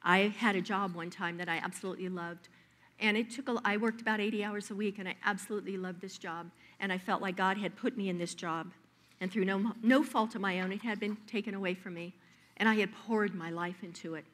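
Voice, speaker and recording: Woman preaching a lively story-filled sermon. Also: medium pitch, fairly quick.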